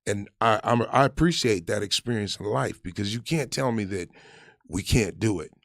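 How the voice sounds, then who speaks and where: A man in casual conversation, an army veteran telling his stories in an animated way and acting out the shouted lines of the people in them. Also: lowish voice, moderate pace, vocal fry, dry recording, studio quality. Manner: animated storyteller, acts out quoted shouts. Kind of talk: casual storytelling chat.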